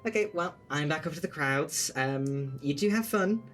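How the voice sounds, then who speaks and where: A man's voice: a little high, animated, normal speed, fairly bright tone, faint music behind, voice pushed up. A man voicing Ruby, a breezy young woman who talks lightly and politely, in a tabletop game. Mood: cheerful. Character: elegant young woman, friendly sister of the bartender's customer.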